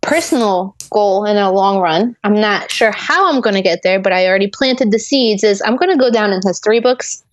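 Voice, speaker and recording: A woman's voice: medium pitch, animated, a little fast, few pauses, no room sound. A young woman from Poland, a guest on an interview, chatting in an upbeat, bubbly way with many fillers. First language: Polish. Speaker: guest, intuitive artist. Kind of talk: casual interview chat.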